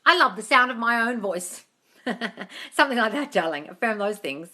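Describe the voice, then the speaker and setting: Woman, live-stream coach, bright and punchy, a bit high, gushing and sweary. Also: expressive, normal speed. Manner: effusive, calls viewers darling, swears casually. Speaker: manifestation coach. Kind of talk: live-stream Q&A, reading comments aloud. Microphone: tablet mic.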